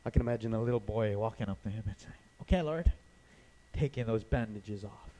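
A man from Canada preaching a sermon as pastor, telling stories with animated energy and acting out the voices of people he quotes. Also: lowish voice, fast talker, rough recording.

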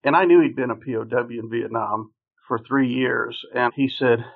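A man's voice: mid-range voice, normal speed, creaky. A man, a podcast guest, telling his life story earnestly and vividly. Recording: phone-like narrow sound.

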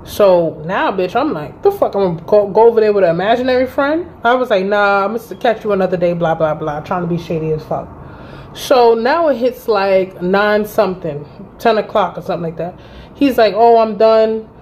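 Animated woman telling a profane story. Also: medium pitch, moderate pace, a little hiss or hum. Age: 30s. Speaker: vlogger. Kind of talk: storytime vlog.

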